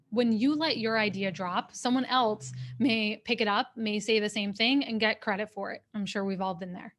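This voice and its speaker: A woman executive coach giving a workshop talk over a video call, speaking in a clear, steady, instructive way. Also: medium pitch, moderate pace. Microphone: webcam on a video call.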